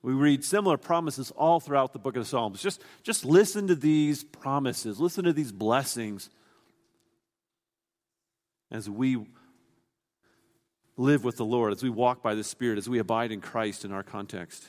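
A man's voice: medium pitch, unhurried, pauses often, darkish tone, long reverb tail. A man preaching a sermon, explaining a scripture passage in an earnest, teaching way, often restarting his sentences.

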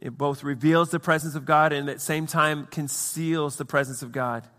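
A man's voice: fairly high pitch, fairly even intonation, moderate pace, a bit bright, in a large hall. A man preaching a sermon as pastor, conversational, with restarts and playful acted asides.

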